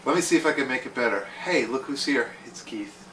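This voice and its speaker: A man's voice: medium pitch, animated, brisk, fairly bright tone, far from the mic, slight background noise. Man, podcast host, jokey banter, roomy sound, a bit off mic. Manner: jokey, self-deprecating, playful.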